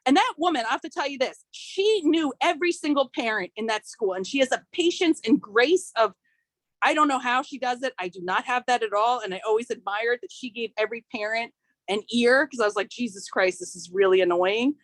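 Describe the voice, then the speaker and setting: A high-pitched woman speaks up at a public meeting, furious and emphatic, leaning on "like" over and over. She is in her thirties and is heard close and dry. Her tone is impassioned rather than formal. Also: brisk, dry recording. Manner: outraged, repetitive "like", emphatic.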